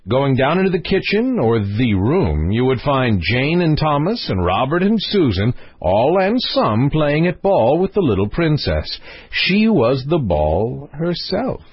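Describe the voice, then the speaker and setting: A man reads a fairy tale aloud with expressive, lilting storytelling. His voice is husky and swings widely in pitch. The audio is dry and dull, like a lo-fi home recording. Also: no echo. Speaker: audiobook narrator. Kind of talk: scripted narration of a fairy tale.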